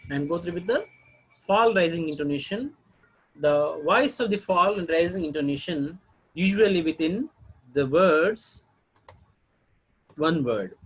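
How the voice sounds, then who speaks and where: A man teaching a lesson on English intonation, reading example sentences with exaggerated rises and falls and pausing often to restart. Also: a little high, lively intonation, slightly rough, low-quality recording. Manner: hesitant, with fillers and restarts.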